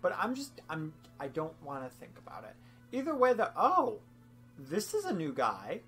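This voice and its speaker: A woman's voice: fairly low pitch, wildly swooping pitch, moderate pace, fairly bright tone, slightly rough. A young woman doing goofy, rambling let's-play commentary with frequent laughs, over faint game music. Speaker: game streamer.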